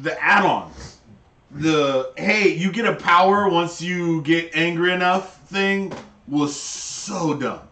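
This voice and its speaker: A man's voice: a little high, slow pace, sharp tone, reverberant, distant mic. A man co-hosting a podcast in casual chat, giving blunt, emphatic opinions. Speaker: podcast co-host.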